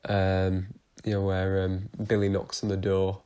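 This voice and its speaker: A man's voice: deep voice, completely flat delivery, a little slow, mellow, clear, resonant tone. A young man giving a casual, rambling review of soap opera episodes, with lots of fillers and restarts.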